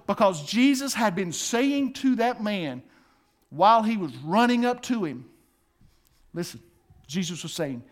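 High-voiced preacher swinging hushed to loud. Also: male voice. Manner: acts out voices while reading scripture. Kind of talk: sermon.

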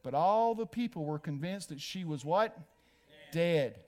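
Animated high-voiced preacher man. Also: unhurried. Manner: animated preaching, rising to emphatic peaks and dropping to hushed lines; asks the congregation questions and answers them. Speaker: pastor. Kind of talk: sermon.

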